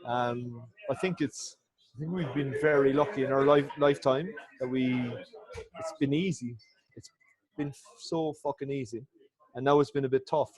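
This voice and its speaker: A man's voice: mid-range voice, darkish tone, poor audio. A man, a former rugby player guesting on a podcast, talking in a heartfelt, rambling way and swearing often. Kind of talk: casual chat.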